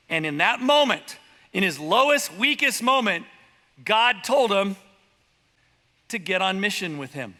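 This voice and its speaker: Animated preaching man in a church hall. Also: sits high. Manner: animated preaching with voiced asides and quick impressions. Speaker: pastor. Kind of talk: sermon. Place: church sanctuary.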